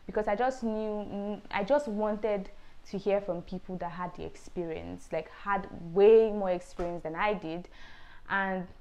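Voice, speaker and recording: A woman's voice: medium pitch, a little slow, a little mellow. Earnest young woman vlogger. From Nigeria. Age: young adult. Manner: earnest, emotional storytelling with many fillers. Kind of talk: personal testimony vlog.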